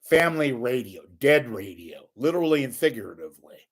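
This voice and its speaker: A man's voice: medium pitch, very animated, fairly quick. An older man giving a sarcastic, scornful solo rant as a media commentator, swearing freely.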